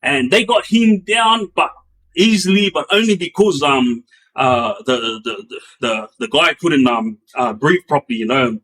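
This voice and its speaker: A man telling a story in a loose, rambling way, with many fillers and restarts, acting out the action with bangs and booms. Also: a little slow. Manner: animated, acts out sounds with bangs and booms. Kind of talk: casual spoken storytelling.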